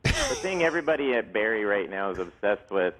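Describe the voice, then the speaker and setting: Animated man telling stories on a talk show. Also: on the low side, brisk, poor audio. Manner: animated storyteller, laughs often, slips into quoted voices. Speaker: actor and guest. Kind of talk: casual interview chat.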